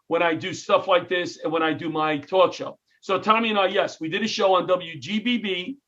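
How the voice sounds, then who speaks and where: Middle-aged new york guy, comic storyteller, highish voice, kinda muffled lo-fi audio. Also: moderate pace. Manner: animated, jokey storyteller who acts out quotes. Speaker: comedian and retired firefighter, guest. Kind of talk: storytelling interview.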